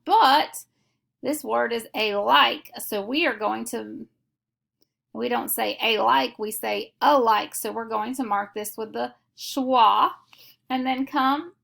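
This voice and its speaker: A woman teaching a phonics lesson, explaining each step slowly and methodically. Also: on the high side, gravelly, a bit bright. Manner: slow, deliberate, methodical explanation.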